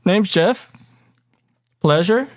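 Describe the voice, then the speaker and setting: A man's voice: high-pitched, lively intonation, extremely slow, no echo, clean studio sound, pitched above the performer's own voice, full character voice. A man voicing a young, eager male human fighter who is new to the job, friendly and upbeat.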